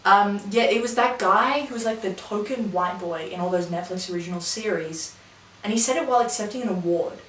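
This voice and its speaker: Australian woman hosting a quiz, chatty and wry, mid pitch, echoey room, set back from the mic. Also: a little fast, fairly bright tone, far from the mic, slight background noise. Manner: chatty, wry, swears freely. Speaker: host of a quiz video. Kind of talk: casual quiz commentary.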